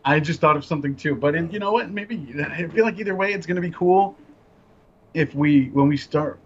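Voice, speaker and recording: A young man co-hosting a casual, improvised podcast over a video call, animated and jokey. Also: fairly high pitch, brisk, highs cut off, slight background noise. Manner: animated, jokey, puts on silly voices. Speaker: podcast co-host.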